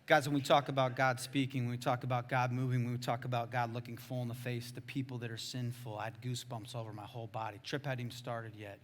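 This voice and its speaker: A male pastor telling a story in a sermon, in casual slangy talk that swings between loud exclaims and hushed asides. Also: mid-range voice, level tone, fast, few pauses, a little hiss or hum.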